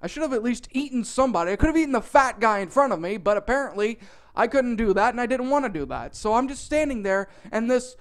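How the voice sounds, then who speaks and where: A man narrating a comic storytime in an animated, profane, exaggerated way. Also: very high-pitched, quick pace.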